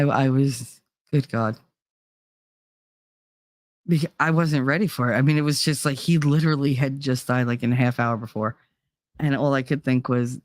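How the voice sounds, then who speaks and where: A woman's voice: extremely low pitch, a little mellow, dry recording, studio quality. A woman host telling stories in a loose, rambling way on her livestream, full of "you know" and "like" and breaking into laughter now and then. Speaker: streamer and channel host. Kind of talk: casual storytelling chat on a livestream.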